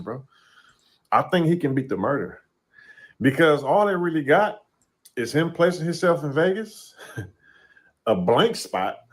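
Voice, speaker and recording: Laid-back man talking casually. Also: mid-range voice. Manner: laid-back, conversational, says "you know what I'm saying". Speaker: podcast commentator. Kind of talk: casual podcast commentary.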